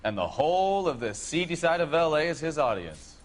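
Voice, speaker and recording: Casting: sardonic veteran cop, lively delivery. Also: male voice, fairly high pitch, a little slow, a little hiss or hum. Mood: wry. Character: wry, easygoing veteran male detective. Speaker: detective partner.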